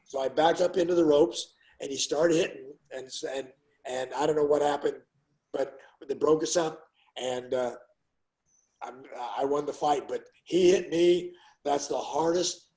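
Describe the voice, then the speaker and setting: An older man with a fairly high voice tells his fight stories in a relaxed, chatty way. He acts out the voices of the people in them with plenty of energy. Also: measured pace, low-quality recording. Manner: animated storyteller, acts out quotes loudly. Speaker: guest, former fighter. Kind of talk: casual storytelling interview.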